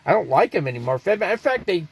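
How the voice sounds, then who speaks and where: Gravelly-voiced older man chatting on stream. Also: high-pitched, very animated, brisk. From Scottsdale, Arizona. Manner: rambling, reads viewer chat aloud and answers it. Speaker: RV live-stream host. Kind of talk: casual live-stream chat.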